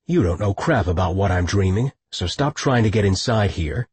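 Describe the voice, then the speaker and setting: Male reader as a proud, curt lieutenant, low and husky. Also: animated, normal speed, darkish tone, dry recording, exaggerated voice. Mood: gruff. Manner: curt, gruff, commanding. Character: gruff wounded male lieutenant, proud and defensive. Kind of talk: audiobook character voice.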